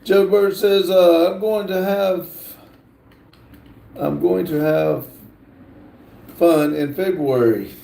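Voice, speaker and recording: Slow-drawling man with a gravelly voice. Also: high-pitched, mellow, reverberant. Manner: slow, drawling, reads chat aloud with many fillers. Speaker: livestream host. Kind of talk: casual livestream chat reading comments.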